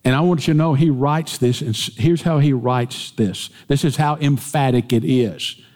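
Emphatic preacher in a reverberant hall. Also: male voice, normal speed, darkish tone. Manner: emphatic preaching, rising in pitch and force on scripture. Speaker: pastor. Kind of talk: sermon.

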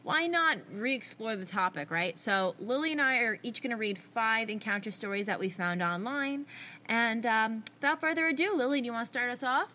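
Bright, lively young woman co-host. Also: on the high side, normal speed. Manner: animated, swears casually, jokey. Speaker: podcast co-host. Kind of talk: casual chat.

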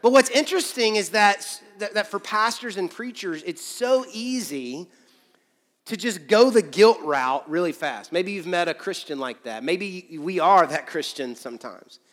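A man's voice: sits high, expressive, unhurried, fairly bright tone, big-room sound. A man pastor preaching a conversational sermon, joking and acting out quoted voices.

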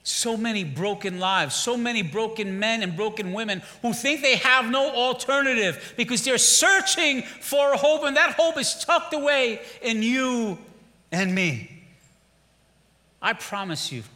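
A man preaching a rousing sermon in a large church sanctuary. His voice sits very high and rings with a sharp, piercing brightness, and it carries a long reverb off the hall walls. He drives his points home through repetition and calls for the congregation to answer back. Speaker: pastor.

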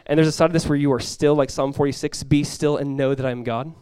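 A male pastor preaching in a conversational sermon style, dropping to a hushed voice when acting out prayers. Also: on the high side, steady tone, fast, clean tone, dry recording, studio quality.

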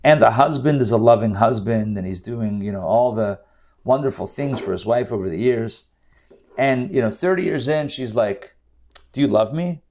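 A man's voice: medium pitch, lively intonation, moderate pace, a little mellow, a little hiss or hum. A man teaching a scripture lesson in an emphatic, conversational storytelling manner. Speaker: Bible teacher.

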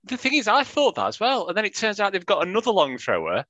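A man's voice: sits high, wildly swooping pitch, quick pace, sharp tone, dry recording, muffled recording. A man from England co-hosting a casual football podcast, laughing often and ending lines with tag questions. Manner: laughing, tags questions, self-mocking. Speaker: podcast co-host.

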